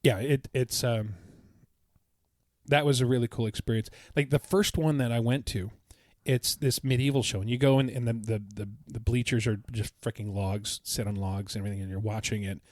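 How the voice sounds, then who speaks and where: A man's voice: medium pitch, fairly even intonation, normal speed, a little mellow, no echo, clean studio sound. A man co-hosting a podcast, telling a long, enthusiastic travel story in a casual, rambling way with many restarts. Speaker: podcast co-host. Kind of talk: casual chat.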